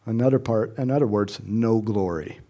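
A man's voice: fairly low pitch, moderate pace, dark tone. A middle-aged man preaching a sermon in a conversational way, chuckling often and rising to emphatic questions. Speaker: pastor.

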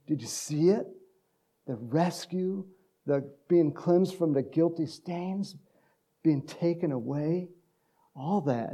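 A man's voice: a little high, mellow. A middle-aged male pastor from Texas giving a casual, rambling sermon full of stories and laughter.

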